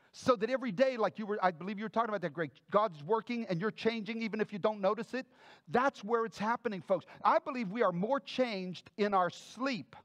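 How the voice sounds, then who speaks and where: A man's voice: high voice, fairly bright tone, no room sound. A male pastor preaching a conversational sermon, reading Bible verses aloud and explaining them with asides to the congregation. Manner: conversational preaching with frequent "folks" and "okay?" asides.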